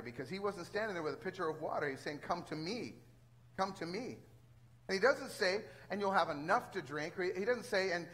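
A man preaching a sermon as a pastor, talking in a conversational, animated way with frequent restarts. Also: high voice, poor audio.

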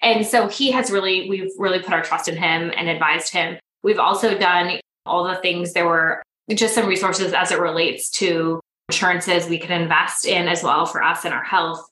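A woman in her thirties talks as a podcast guest, a coach who brings her stories to life by acting out what people said. Her voice is bright and forward. The room around her gives a noticeable echo. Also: fairly low pitch. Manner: animated storyteller, acts out quoted dialogue. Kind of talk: casual podcast interview.

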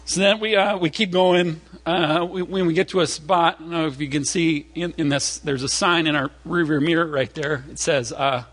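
A man preaching a sermon through an animated personal story, acting out voices along the way, chatty and full of fillers and restarts. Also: on the high side, normal speed, few pauses. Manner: animated, acts out voices in stories. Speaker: pastor.

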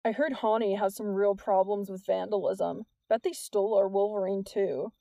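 A woman's voice: medium pitch, steady tone, moderate pace, gravelly, dark tone, no echo, clean studio sound, natural voice. A woman voicing a curious, teasing teenage boy who talks eagerly.

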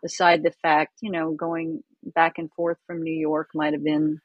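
A middle-aged woman from Florida, chatting casually as an interview guest, self-deprecating and quick to laugh. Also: sits low, completely flat delivery, breathy edge, no echo, muffled recording. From Florida, US South.

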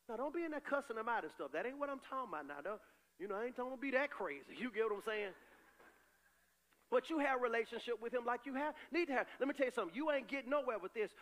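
A pastor delivers an animated sermon in a high, ringing voice. He talks. He moves between loud, rising calls and low, confiding asides. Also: quick pace.

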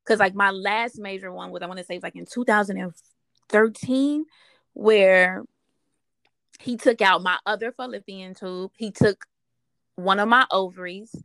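A woman's voice: mid-range voice, unhurried, vocal fry, a bit bright, dry recording. A woman asking questions in a casual conversation, recounting her own experience with lots of fillers and restarts. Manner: emotional storytelling with frequent fillers.

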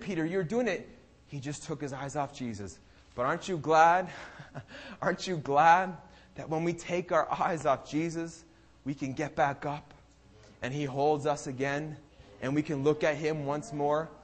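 A young male preacher with a notably high-pitched voice delivers his sermon with fervor. He is emphatic and impassioned, and he keeps circling back to repeat key phrases for force. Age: young adult. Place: church service.

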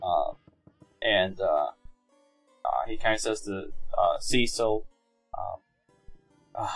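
A man playing a tabletop game, describing his character's actions in a halting way with many fillers. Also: sits low, vocal fry, breathy edge, soft background music. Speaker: tabletop player.

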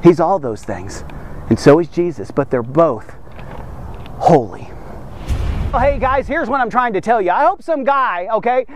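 A man's voice: sits high, no room sound. A man preaching a devotional sermon, emphatic and repetitive, often checking in with "okay?".

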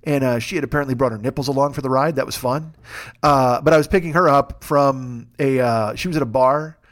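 A man's voice: mid-range voice, fairly quick. A man hosting his own show in a casual comic monologue, rambling and profane with a wry tone. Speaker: podcast host.

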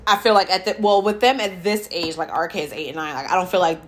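A woman's voice: lowish voice, fast, a little hiss or hum. A woman in her thirties, a parent chatting casually as a podcast co-host, rambling with lots of "like" and acting out what others said. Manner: rambling, heavy use of "like", acts out quoted voices. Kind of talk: casual chat.

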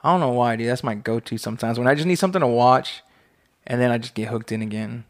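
A young man in halting, rambling casual chat, searching for words. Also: medium pitch, no echo, clean studio sound.

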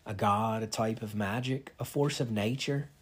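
A man voicing a young female warrior who explains things in hushed, matter-of-fact asides. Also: lowish voice, moderate pace, husky. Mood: whispered.

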